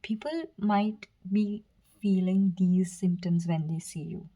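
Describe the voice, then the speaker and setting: A woman giving a pick-a-card tarot reading, speaking softly and earnestly to the viewer, with fillers, restarts and brief whispers. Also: medium pitch, fairly even intonation, takes it slowly, poor audio. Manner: soft, earnest, direct address with fillers and self-corrections. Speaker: tarot reader.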